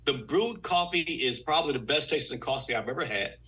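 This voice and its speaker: A man from Texas, giving an energetic, emphatic sales pitch on a video call. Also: a little fast, low-quality recording. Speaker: business presenter on a video call.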